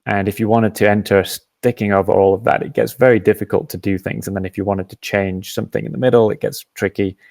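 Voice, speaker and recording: A man hosting a live app demo, patiently explaining each step and often pausing with "um". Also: lowish voice, steady tone, vocal fry, a little mellow, no echo. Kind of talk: software demo and Q&A.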